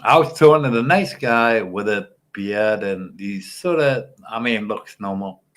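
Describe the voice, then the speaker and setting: On a livestream panel, a man with a lowish, fairly bright voice chats at a measured pace from his home webcam setup with a studio mic. He rambles and cheekily teases the other panelists.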